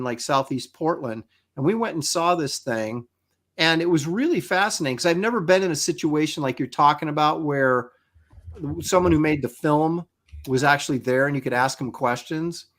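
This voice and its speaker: A middle-aged man chatting casually on a livestream, telling rambling stories with lots of fillers and restarts. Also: mid-range voice. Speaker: co-host of a crowdfunding livestream. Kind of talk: casual chat. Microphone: video call.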